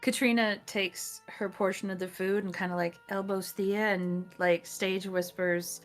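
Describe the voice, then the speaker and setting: A woman's voice: mid-range voice, level tone, measured pace, few pauses, soft background music. A woman playing in a tabletop game, chatting casually and describing her character's actions. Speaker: player.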